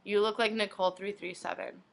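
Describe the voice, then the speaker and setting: A woman's voice: medium pitch, fairly even intonation, fairly quick, vocal fry. A young woman blogger reading inbox messages aloud one after another, in a plain reading manner. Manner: reads each message in turn, plainly.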